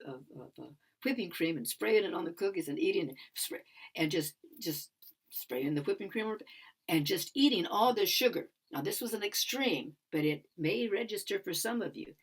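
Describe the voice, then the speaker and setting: A woman's voice: medium pitch, animated, normal speed, slightly rough. An older woman giving a musing conference talk on sound healing, repeating phrases and sometimes dropping to a whisper. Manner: musing, repetitive, drops into whispers.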